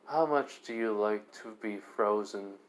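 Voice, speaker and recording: Brief: man playing a smug young devil hero, low and unbothered, dry mockery, fan story. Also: measured pace, lightly acted. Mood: cold. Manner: calm, mocking and dry. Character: cool cocky young male devil, icy and unbothered.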